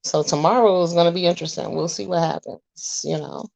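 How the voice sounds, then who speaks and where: A woman in her forties chatting to viewers, telling a story in a blunt, animated, profane way. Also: lowish voice, brisk, gravelly. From US Northeast. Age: 40s. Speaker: vlogger.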